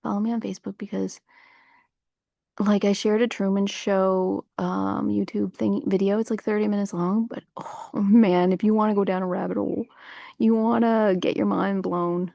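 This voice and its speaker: Woman host with a gravelly, mid-pitched voice, chatting loosely outdoors in a rambling, spiritual way. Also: steady tone, normal speed, dark tone, dry recording, clean studio sound. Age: adult parent. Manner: meandering, heavy on fillers, spiritual musings. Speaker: livestream host. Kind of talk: casual rambling monologue. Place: outdoors on a warm day.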